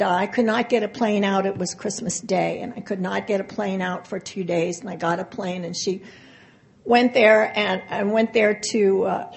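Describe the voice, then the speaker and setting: Older woman giving a halting personal testimony. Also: mid-range voice, vocal fry. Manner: halting and emotional, with pauses and restarts. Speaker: speaker sharing a recovery story.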